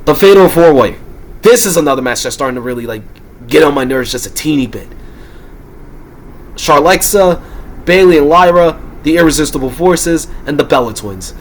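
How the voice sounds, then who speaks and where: Hoarse man ranting, heated and frustrated. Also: fairly high pitch, lively intonation, moderate pace. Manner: frustrated, heated, swears in loud outbursts. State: losing his voice. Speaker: wrestling commentator and YouTuber. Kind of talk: ranting prediction vlog.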